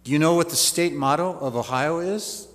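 A male pastor delivers a sermon with a storyteller's touch and homely asides, his voice sitting a little high for a man. A long reverb from the church hangs after each phrase. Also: normal speed. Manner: storytelling preacher with folksy asides.

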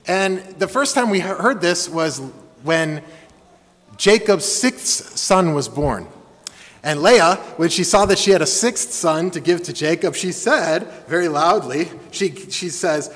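Male pastor, high voice, lively emphatic sermon delivery, long church-hall reverb. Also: a little slow. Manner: lively, emphatic preaching with call-and-response. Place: church sanctuary.

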